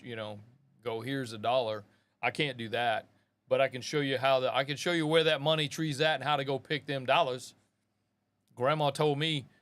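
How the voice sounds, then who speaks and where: A man's voice: medium pitch, dry recording. A middle-aged man hosting a live show, chatting casually in a rambling, slangy way and calling listeners bro and man. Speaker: podcast host. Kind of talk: casual live-stream chat.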